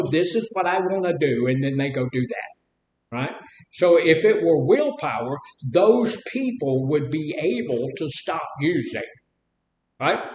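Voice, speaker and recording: A man's voice: fairly high pitch, darkish tone, echoey room, slight background noise, low-quality recording. A man from Mississippi with a Southern accent, giving a folksy, conversational recovery talk full of rhetorical questions. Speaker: addiction recovery speaker.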